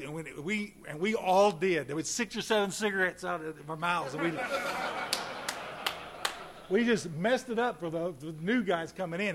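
Male recovery speaker, folksy, animated, slightly high voice, faint hum. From Texas. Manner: folksy and animated, addresses audience directly. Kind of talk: recovery meeting talk.

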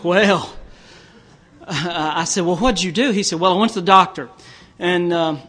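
A middle-aged man from Tennessee speaks at a recovery meeting, spinning stories and jokes in a loose, rambling way. His voice sits high for a man, and he stumbles over and repeats his words as he goes. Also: unhurried, sharp tone. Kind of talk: storytelling talk with jokes.

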